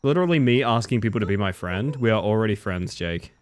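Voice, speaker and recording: Chatting casually with viewers, a male streamer plays a video game live, answering chat and reacting to the action as he goes. His voice is fairly low with lively intonation, and he speaks fast.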